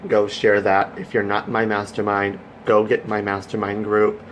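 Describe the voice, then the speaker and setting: A man's voice: lowish voice, monotone, normal speed, slight background noise. Effusive man chatting on a live stream. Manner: effusive, chatty, greets viewers by name. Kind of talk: casual Facebook Live chat.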